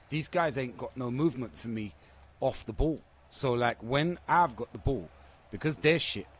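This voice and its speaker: A man's voice: fairly low pitch, slight background noise. Swearing man ranting over a game. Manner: swearing, frustrated trash talk at teammates. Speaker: gaming streamer. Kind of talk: live gameplay commentary.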